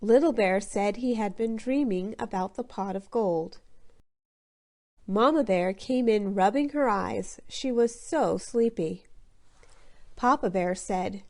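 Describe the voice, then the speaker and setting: A woman reading a children's story aloud clearly and deliberately for English learners. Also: mid-range voice, a little mellow. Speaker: audiobook narrator.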